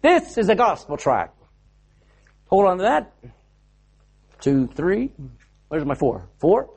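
Husky fervent male preacher. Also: sits high, big pitch swings, takes it slowly, darkish tone. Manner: fervent, exhorting, directs volunteers on stage. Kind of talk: sermon. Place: hall with a live audience.

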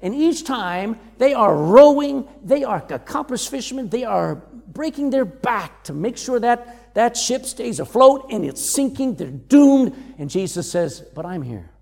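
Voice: medium pitch, big pitch swings, a little slow, creaky, hardly any pauses, a little mellow, in a large hall. A preacher giving a sermon, reading verses aloud and acting out the voices of the people quoted. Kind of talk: sermon teaching on scripture.

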